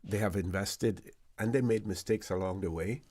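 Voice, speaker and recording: Relaxed Caymanian man hosting radio. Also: fairly low pitch, normal speed, no room sound, studio quality. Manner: relaxed, rambling, many fillers and restarts. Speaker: radio talk show host. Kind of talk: casual radio talk. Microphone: studio microphone.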